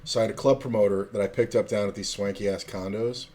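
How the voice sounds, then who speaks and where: This South Florida man streams online poker while telling a long, profane, rambling story packed with fillers, chatting casually as he plays. His voice is fairly low, steady and warm, and he talks fast.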